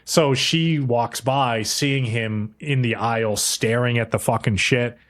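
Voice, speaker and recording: A man's voice: mid-range voice, takes it slowly. A man co-hosting a podcast, chatting casually about anime, rambling and swearing freely, briefly acting out characters' lines. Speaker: podcast co-host. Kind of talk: casual anime review chat.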